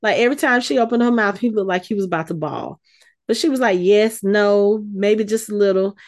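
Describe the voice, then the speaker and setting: A woman co-hosting a casual chat, retelling a scene with lively, acted-out quotes. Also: mid-range voice, a little fast. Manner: animated storytelling, acts out quotes. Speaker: podcast co-host recapping a TV episode.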